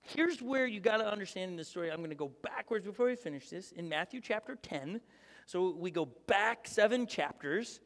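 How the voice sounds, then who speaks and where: A man preaching a sermon with a high, light voice, animated and conversational. He slips into quick voices to act out prayers and quotes. The sound rings with the long reverb of a large hall. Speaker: pastor. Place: church auditorium.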